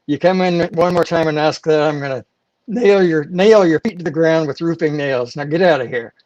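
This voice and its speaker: A man's voice: fairly high pitch, normal speed, darkish tone, no room sound, highs cut off, natural voice. A man voicing an exasperated hardware store clerk in a joke he tells, scolding in his own fairly ordinary voice. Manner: stern, scolding.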